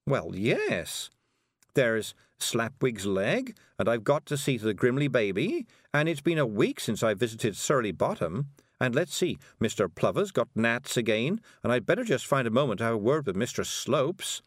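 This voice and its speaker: A man's voice: medium pitch, big pitch swings, normal speed, no echo, studio quality. A man reading aloud, voicing a fussy, kindly, busy middle-aged woman witch.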